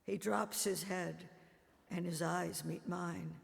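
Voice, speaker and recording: A man's voice: sits high, fairly even intonation, takes it slowly, creaky. A man giving a dramatic first-person devotional reading at a Good Friday service, grief-stricken and rising to anguished cries. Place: church. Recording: long church reverb.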